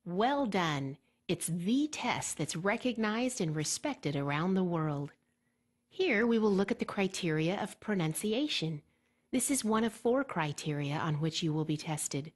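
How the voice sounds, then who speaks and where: A woman reading a scripted exam-preparation lesson in a clear, measured way, slowing down to model example words. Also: fairly low pitch, lively intonation. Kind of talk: scripted instructional narration.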